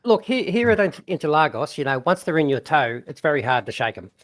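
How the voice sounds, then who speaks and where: Joking man in his fifties, fairly high voice. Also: fast. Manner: joking, animated, laughing banter. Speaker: race winner driver. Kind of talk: casual post-race interview.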